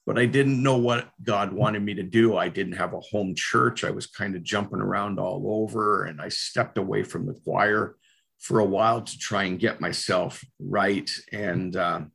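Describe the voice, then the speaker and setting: A man's voice: lowish voice, fairly even intonation, normal speed, gravelly, a bit bright, breathy edge. A middle-aged man telling his personal testimony earnestly and candidly, with frequent fillers. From Canada.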